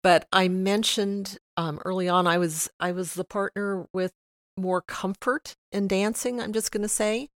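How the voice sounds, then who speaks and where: A woman's voice: medium pitch, steady tone, a little slow, no room sound, studio quality. A woman who is an author and a guest on a podcast, speaking frankly with some humor and often adding short agreeing sounds. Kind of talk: podcast conversation.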